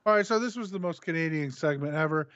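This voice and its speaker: A man's voice: on the high side, quick pace, a bit bright, clear, resonant tone, dry recording, faint music behind. Matter-of-fact man with dull, muffled sound. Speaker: co-host recapping a wrestling show. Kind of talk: casual recap reading.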